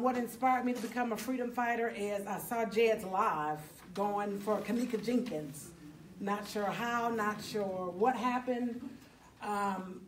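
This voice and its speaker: A woman's voice: medium pitch, slight background noise. A woman from Louisiana introducing herself to a group of fellow activists, earnest and talkative. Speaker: activist at a meet and greet. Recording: echoey room, mic far off, crowd behind.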